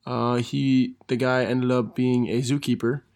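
A young man, a gym teacher, telling funny stories in a casual monologue, laughing through them and correcting himself as he goes. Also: mid-range voice. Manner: laughs through his stories, animated, quick self-corrections.

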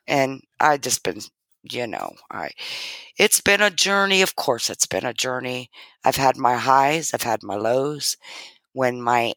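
A woman's voice: a bass voice, fairly bright tone, no room sound. A middle-aged woman telling a heartfelt personal story as a guest in an interview, talking earnestly. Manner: earnest, heartfelt, acts out quoted dialogue. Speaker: guest sharing her story.

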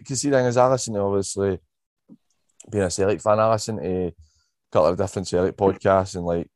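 A man with a West of Scotland accent co-hosting a casual podcast, his voice sitting on the low side. He talks in a laid-back way, with plenty of ums. The sound is dry, with no room echo. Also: steady tone, quick pace, a little mellow. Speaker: podcast co-host. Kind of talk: casual chat.

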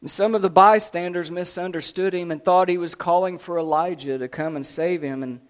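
A man's voice: high voice, steady tone, brisk. Dramatic male preacher retelling scripture. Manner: dramatic storytelling, shifting between loud and hushed. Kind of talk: sermon, retelling scripture as a story.

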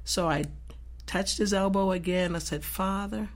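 A woman guest telling an earnest faith testimony in an animated way, acting out the voices in her story. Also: lowish voice, normal speed. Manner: expressive, acts out the dialogue in her story.

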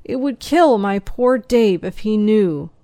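A woman's voice: medium pitch, expressive, takes it slowly, dark tone, no echo. A woman voicing a grieving farm wife who talks through sobs, tearful and pleading. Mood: sobbing.

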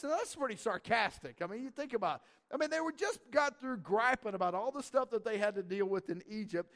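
Brief: animated, conversational male pastor with a high voice. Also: moderate pace, in a large hall. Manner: animated, joking, conversational, repeats "right?". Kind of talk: sermon.

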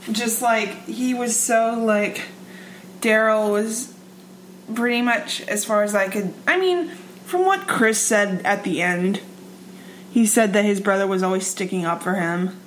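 Young female podcast co-host, halting and wry, casual chat, faint noise behind. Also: mid-range voice, rough recording. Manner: hesitant, teasing, full of fillers.

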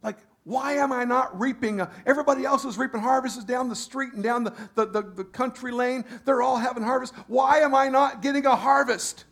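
A man's voice: very high-pitched, brisk, few pauses, a bit bright, voice pushed up, exaggerated voice. A male preacher voicing a puzzled grown farmer who complains that he gets no harvest. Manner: plaintive, questioning.

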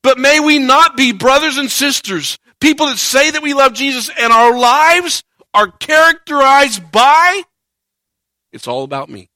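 A man preaching a sermon in a high, bright voice. He talks to the congregation like a friend, acts out their grumbling in quick little voices, then leans hard into his main points. The sound is close and dry, with almost no room around it. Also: no echo. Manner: conversational preaching, rising to emphatic points, acts out quoted voices. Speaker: pastor.

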